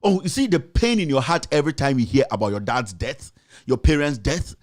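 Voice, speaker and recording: A Ghanaian-accented man with a medium pitch and big pitch swings speaks fairly quickly. Hosting a talk show, he gives fiery political commentary and answers critics head-on with repeated rhetorical questions.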